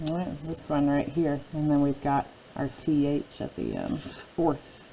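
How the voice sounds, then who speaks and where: A woman teaching a phonics spelling lesson, speaking slowly and patiently, repeating each word and asking the listener questions. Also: low-pitched, fairly even intonation, mellow, slight background noise, rough recording.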